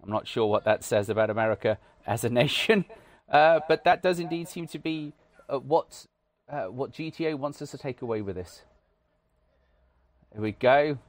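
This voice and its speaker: A man's voice: medium pitch, animated, moderate pace. A British man from the UK giving casual, wry commentary over a video game, self-deprecating and full of "uh" fillers. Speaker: gaming channel host.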